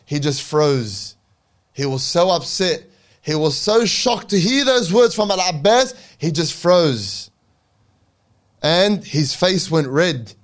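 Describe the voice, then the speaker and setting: Man telling a dramatic religious story. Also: a little high. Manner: dramatic narration with reverent asides. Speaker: preacher.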